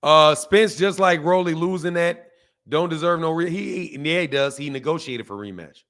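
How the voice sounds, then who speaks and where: An older man from Omaha chats through a boxing livestream in a loose, slangy way, laughing as he answers his viewers. His voice sits a touch high for a man, and he talks casually and off the cuff. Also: normal speed, fairly bright tone. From Omaha, United States.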